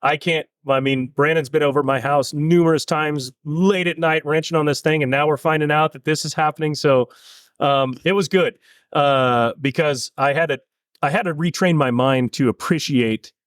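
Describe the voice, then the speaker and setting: A middle-aged man from California, a land speed racer, telling stories in a casual interview in an earnest, halting way with many restarts. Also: on the high side, fairly even intonation, clear, resonant tone, no room sound.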